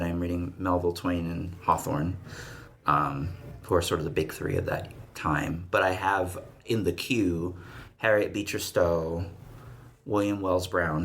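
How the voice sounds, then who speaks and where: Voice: low voice, fairly bright tone. Chatty, rambling podcast co-host. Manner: rambling, enthusiastic, laughs often. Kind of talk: casual chat. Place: library recording room.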